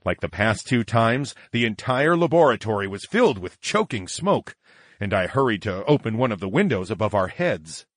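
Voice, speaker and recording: A man's voice: on the low side, sing-song, normal speed, dry recording, clean studio sound. A man narrating a first-person story in a dramatic, theatrical manner.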